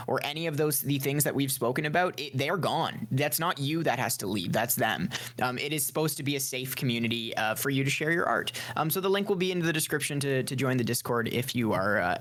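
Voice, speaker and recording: A man's voice: medium pitch, a bit bright. A man co-hosting a casual podcast, talking earnestly and often stumbling over repeated words. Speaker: podcast co-host.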